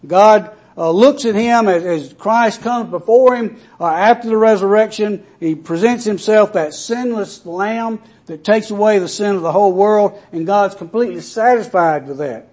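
A man delivers a sermon. He talks through the text casually, pausing on fillers, and raises his voice when he quotes verses. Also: sits high, a little mellow. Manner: conversational preaching with frequent "uh" fillers, rising for scripture readings. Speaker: preacher.

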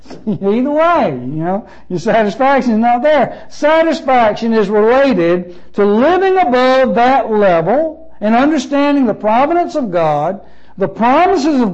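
High-voiced preaching pastor, dull recording. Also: male voice, darkish tone. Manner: emphatic, repeats phrases with shifting stress. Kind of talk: sermon.

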